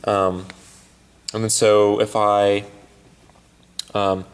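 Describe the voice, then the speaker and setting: A man walking through a sound mixing desk step by step, in a halting way with many fillers and restarts. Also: on the low side, little pitch movement, clean tone, in a large hall. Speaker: sound technician. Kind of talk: instructional walkthrough. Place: church sound booth.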